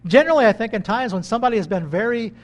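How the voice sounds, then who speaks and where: Animated high-voiced man preaching. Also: rapid-fire. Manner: animated, swings between loud bursts and quiet asides. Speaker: pastor. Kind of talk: sermon. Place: country church.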